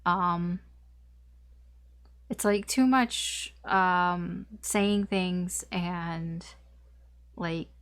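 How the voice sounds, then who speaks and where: A woman's voice: on the low side, fairly even intonation, drawn-out words, long pauses, clean tone. Chatty woman rambling through a tarot reading. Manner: chatty, rambling, swears, many fillers. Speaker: tarot reader.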